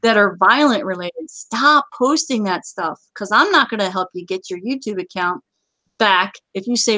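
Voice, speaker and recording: A woman's voice: a little high, a little fast, fairly bright tone, dry recording, low-quality recording. A woman hosting a casual live-stream chat, talkative, laughing easily and turning stern when she warns her viewers. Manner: chatty, laughs often, stern warnings. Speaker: livestream show host.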